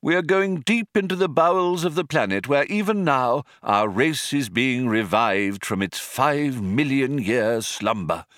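A man reading aloud voices a sad, gentle old man who speaks in a measured, grave way. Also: mid-range voice, lively intonation, no echo, studio quality, voice pushed up. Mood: solemn. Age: older.

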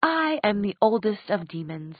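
A woman's voice: mid-range voice, very animated, moderate pace, dry recording. A woman voicing an ancient, proud female demon who speaks coldly and commandingly. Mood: scornful. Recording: dry tinny phone-like sound.

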